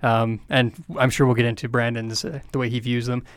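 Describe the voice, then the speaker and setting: A man with a smooth, clear mid-range voice co-hosts a casual book podcast, methodically walking through the schedule with the odd "um" and "uh". The sound is close and dry. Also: medium pitch, flat delivery, a little fast, dry recording. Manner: methodical, explains plans with fillers. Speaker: podcast co-host.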